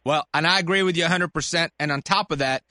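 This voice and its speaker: Bright, chatty man hosting a radio show. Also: on the high side, fast, dry recording. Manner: animated, chatty, laughs easily. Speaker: radio show host, sports medicine doctor. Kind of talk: call-in radio chat.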